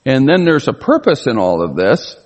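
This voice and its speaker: A man preaching a sermon, reading Bible verses aloud and slowing down to stress key words. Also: mid-range voice, wildly swooping pitch, muffled recording. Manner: reads scripture aloud and explains it, slows down to stress key words. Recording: long hall reverb.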